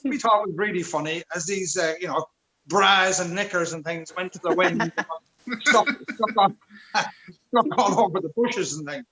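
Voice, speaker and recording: A man's voice: sits high, a little slow, pushed and bright, rough recording. An Irish man doing stand-up over a video call, telling a long rambling story with stammered restarts and chuckles. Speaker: stand-up comedian.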